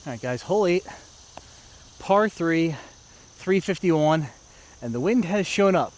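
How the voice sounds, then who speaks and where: His pitch is fairly high and his delivery expressive but a little slow. He's an American man doing a chatty, self-narrated disc golf vlog, giving viewers casual play-by-play as he works through an outdoor park course.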